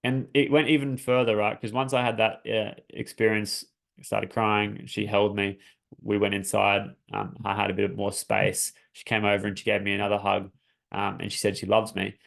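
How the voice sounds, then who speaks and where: With a fairly low, level voice that's a bit bright and has vocal fry, an Australian man speaks at normal speed. Coaching his listeners, he shares a personal story earnestly and searchingly, frequently restarting phrases in this reflective talk.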